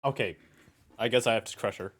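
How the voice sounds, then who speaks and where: A man's voice: fairly low pitch, fairly quick, a bit bright. A young man streaming a game live, chatting casually, rambling and stammering with self-mocking jokes.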